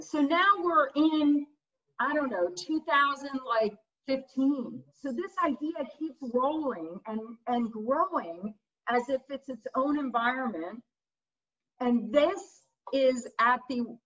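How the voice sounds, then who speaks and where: A woman's voice: a little high, fairly bright tone. A middle-aged woman giving a casual, candid art lecture over a video call, laughing at her own stories. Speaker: visiting artist lecturer. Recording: muffled video call audio.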